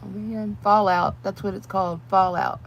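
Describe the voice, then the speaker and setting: A woman's voice: fairly low pitch, unhurried, vocal fry. An older woman, chatting casually with viewers on a livestream while she does her makeup, rambling and calling them y'all. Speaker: livestream host. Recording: noisy home livestream.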